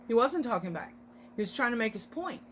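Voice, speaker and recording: A woman's voice: a little high, sing-song, fairly quick, a bit bright, a little hiss or hum, poor audio. A woman hosting a casual livestream, talking in an earnest, encouraging way. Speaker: host.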